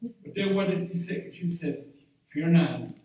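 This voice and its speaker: A man preaching a sermon as pastor, fervent and rising to shouts of praise, recorded from far off in an echoing church hall. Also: high voice, level tone, normal speed. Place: church sanctuary.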